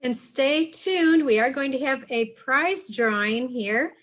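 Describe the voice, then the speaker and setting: A woman moderating a webinar, reading out audience questions in a brisk, businesslike way. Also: high-pitched, fairly bright tone.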